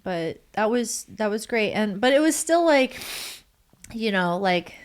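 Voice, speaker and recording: A woman's voice: medium pitch, animated, unhurried, smooth. A woman in her thirties, a podcast guest talking casually with many fillers and frequent laughs. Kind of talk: casual interview chat.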